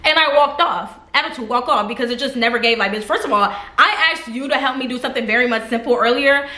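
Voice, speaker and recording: A woman's voice: a little high, quick pace, sharp tone, echoey room. A young woman telling a storytime vlog in a blunt, sassy, slangy way. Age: young adult. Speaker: vlogger.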